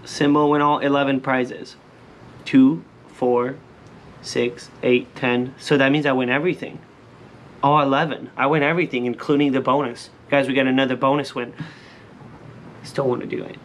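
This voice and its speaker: A man hosting a lottery scratch-off vlog in excited casual commentary. He keeps calling out to his viewers and breaks into shouts and sing-song cheers when he wins. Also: medium pitch, moderate pace, a little hiss or hum. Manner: shouts and sing-songs when he wins, then drops back to calm chatter.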